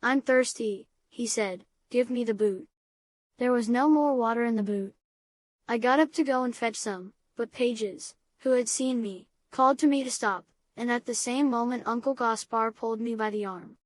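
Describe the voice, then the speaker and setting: A woman reading a classic children's novel aloud as an audiobook, in a clear, even storytelling manner. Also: on the high side, normal speed. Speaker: audiobook reader.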